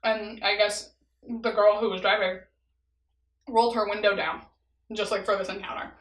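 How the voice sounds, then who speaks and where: A woman's voice: medium pitch, fairly even intonation, moderate pace, a bit bright, echoey room, rough recording. A young woman telling a story in a casual vlog while eating, chatty and laughing often, leaning on "like" as filler. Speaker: vlogger.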